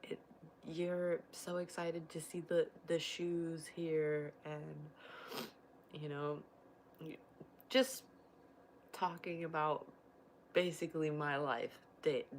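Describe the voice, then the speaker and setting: A woman in her thirties chatting on a livestream in a low voice, taking her time over every phrase. She rambles warmly and emotionally, breaking into laughter often, with a faint hiss in the background. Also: fairly even intonation, takes it slowly, pauses often, poor audio. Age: 30s. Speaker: livestream host and mother. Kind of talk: casual livestream chat, reading viewer comments.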